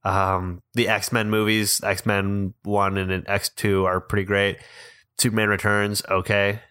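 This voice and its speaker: A man with a low, bright, forceful voice talks movies in a casual chat. He is blunt and opinionated, and often trails off to rephrase his point mid-sentence. He sounds like a podcast co-host speaking his mind. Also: flat delivery, measured pace, clean tone. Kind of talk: casual film discussion.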